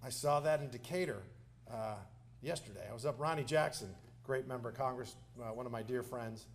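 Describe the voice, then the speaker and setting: A man's voice: medium pitch, a little fast, slight background noise. A man with a Texan accent, a politician giving a passionate, joking, folksy campaign speech full of anecdotes at a live forum. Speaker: politician speaking at a candidate forum. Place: civic center hall, live event.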